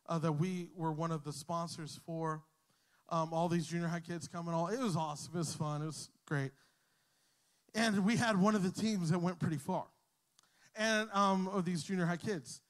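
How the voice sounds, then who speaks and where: A man who is a pastor, preaching a sermon to his congregation, telling a story with humor and rising to shouts. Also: high voice. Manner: storytelling, jokes with the crowd, builds to shouting. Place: church hall with a congregation.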